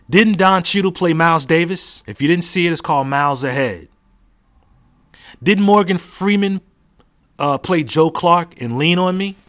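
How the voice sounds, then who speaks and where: A man's voice: a little high, a bit bright. A man hosting his own podcast in a blunt, profane solo monologue full of rhetorical questions. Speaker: podcast host.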